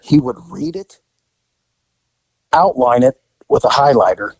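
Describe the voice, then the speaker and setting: An older man, a retired police officer, tells stories in a casual chat, acting out the people and quotes as an animated storyteller. His mid-range voice is husky and unhurried. The recording is dry and low quality.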